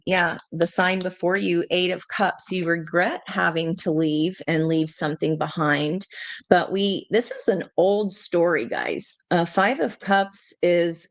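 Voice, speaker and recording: A woman giving a reflective tarot and astrology reading, talking to her viewers. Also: fairly low pitch. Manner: slow, reflective, addresses viewers as guys. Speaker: tarot reader.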